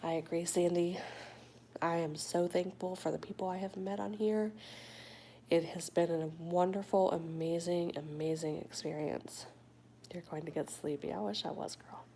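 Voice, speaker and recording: A woman hosting a late-night livestream, reading viewer comments in a soft, often whispered, affectionate way; she sounds sleepy. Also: fairly low pitch, steady tone, moderate pace, slight background noise. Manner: warm, affectionate toward viewers. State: sleepy but awake. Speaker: livestream host.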